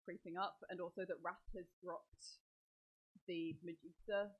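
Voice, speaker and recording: A woman's voice: fairly low pitch, flat delivery, a little slow, breathy edge, dull audio. A woman running a tabletop role-playing game as dungeon master, narrating the scene and questioning players in character.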